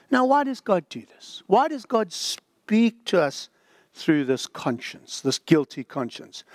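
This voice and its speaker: Older male pastor, sermon delivery: lively high voice, slow and deliberate, dry sound. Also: no room sound. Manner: dramatic, drops to a whisper for the inner voice.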